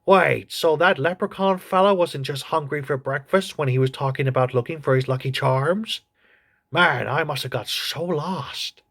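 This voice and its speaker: In a comedy sketch, a man with a husky, medium-pitched, fairly bright voice plays a crude, gossipy old male politician reviewing a TV show.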